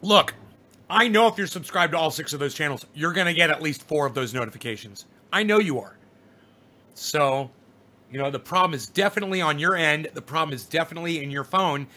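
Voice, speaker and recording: Man, middle-aged, livestream host, high voice, bright tone, rambling, swearing, answering chat. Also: animated, brisk. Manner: profane, rambling, lecturing viewers. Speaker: live streamer reading chat.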